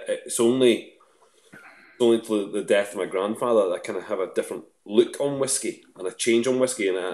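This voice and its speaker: A man's voice: fairly low pitch, darkish tone, roomy sound. A Scottish man chatting casually as a radio guest, rambling with fillers and restarts. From Scotland. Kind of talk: casual chat.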